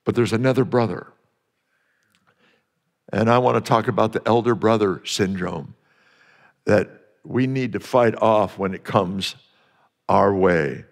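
A man's voice: lowish voice, unhurried, long pauses, big-room sound. A male pastor preaching a sermon earnestly, repeating phrases for emphasis and sometimes restarting mid-sentence.

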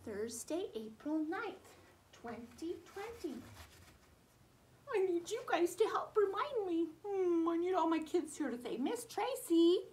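A woman's voice: very high-pitched, very animated, measured pace, darkish tone, a little hiss or hum. A woman teaching preschoolers in a sing-song, exaggerated voice made for small children. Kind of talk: teaching preschoolers over video.

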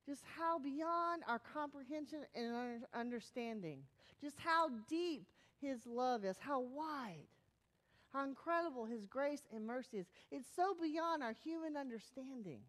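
A woman pastor with a high, light voice preaches a sermon. She talks in a loose, conversational way, growing animated and then dropping to a hushed, soft delivery. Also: a little slow.

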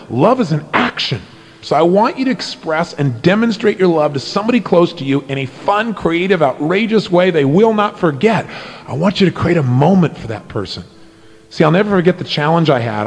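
A middle-aged man giving a motivational talk, telling personal stories with animated energy that drops to a hushed, earnest tone. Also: high voice, vocal fry, slightly rough. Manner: animated storytelling, swinging from excited to hushed and earnest. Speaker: motivational speaker.

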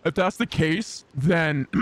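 A woman's voice: deep voice, expressive, drawn-out words, vocal fry, breathy edge. A woman streamer chatting playfully with her viewers through a voice changer that makes her sound male, laughing often. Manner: playful, giggly, reads and answers chat. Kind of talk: casual gaming stream chat. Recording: game music loud under voice.

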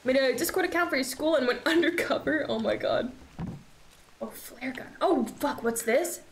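A young woman streams a horror game live, chatting and swearing as she plays and letting out nervous laughs. Her voice is high and at normal speed. The room is echoey, with faint noise.

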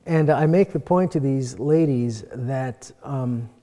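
A man's voice: medium pitch, takes it slowly, warm tone. A man giving a conference workshop talk, teaching earnestly and with emphasis, recorded in a conference hall. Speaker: workshop speaker. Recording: long hall reverb.

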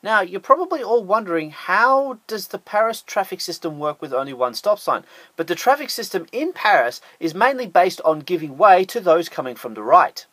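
A man's voice: sits high, big pitch swings, normal speed, bright, forceful tone, dry recording. Sarcastic Australian man narrating a list. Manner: sarcastic, jokey asides. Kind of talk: scripted top-ten narration.

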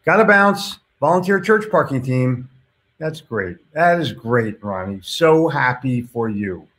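On a live stream, a male host with an ordinary-pitched, fairly bright voice chats casually, reading viewer comments aloud and answering bluntly with the occasional swear word. He's animated but unhurried.

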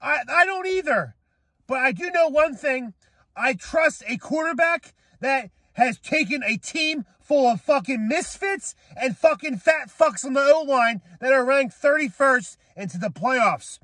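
An angry young man ranting as a sports fan, swearing hard and often breaking into shouts. His voice sits high for a man. The sound is dry and close, with no room around it. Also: expressive, a little slow, dry recording. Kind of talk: profane rant to camera.

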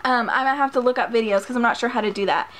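A woman's voice: on the high side, very fast, fairly bright tone, slight background noise. A woman vlogger chatting casually and gushing as she unboxes a package of makeup, a little out of breath. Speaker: beauty vlogger. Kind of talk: casual haul unboxing chat.

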